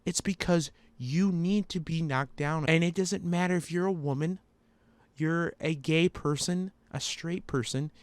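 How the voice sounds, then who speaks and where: A man's voice: a little high, unhurried, no echo. A man hosting a commentary video, ranting bluntly and profanely. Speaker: commentary host.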